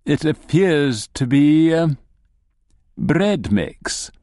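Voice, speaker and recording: A man voicing a sly, cryptic male gnome who speaks slowly and deliberately, in a hushed tone. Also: fairly high pitch, expressive, no echo, studio quality, pitched above the performer's own voice. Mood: musing. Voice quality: slow, deliberate, hushed delivery.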